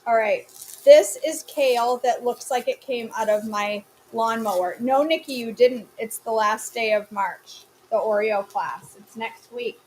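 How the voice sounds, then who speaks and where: A woman's voice: a little high, measured pace, darkish tone, slight background noise, rough recording. A woman hosting a live cooking class from her home kitchen, chatting casually and answering viewer comments as she cooks.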